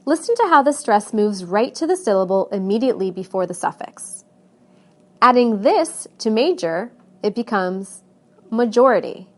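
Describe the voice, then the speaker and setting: A woman with a North American accent narrating a scripted pronunciation lesson, saying each example word slowly and with clear stress. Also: fairly high pitch. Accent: North American English. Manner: slow, careful, stresses example words. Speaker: English pronunciation teacher.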